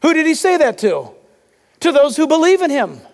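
Male pastor, high-pitched, emphatic sermon delivery, long hall reverb. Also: sing-song, moderate pace, creaky. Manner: emphatic preaching, loud and urgent.

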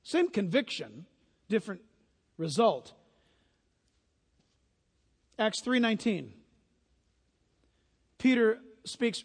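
A man delivers a sermon in a strikingly high voice, swinging from quiet reflection to loud, emphatic bursts. His words ring out with a long reverb, as if spoken in a large hall. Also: measured pace, long pauses. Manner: animated preacher, builds to loud emphatic peaks. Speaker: pastor.

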